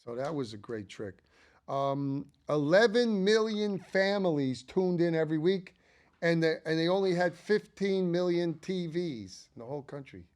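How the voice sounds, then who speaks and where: A man's voice: a little high, lively intonation, normal speed, a little mellow. An older man hosting a casual ranking monologue, chatty and enthusiastic, rambling with frequent asides. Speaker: channel host.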